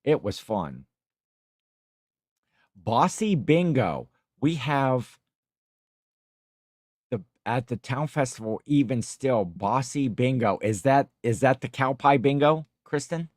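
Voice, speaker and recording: A man's voice: mid-range voice, expressive, slow pace, long pauses, darkish tone, no echo, clean studio sound. A man hosting a casual livestream chat, rambling through stories and reading out viewer comments. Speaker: livestream host.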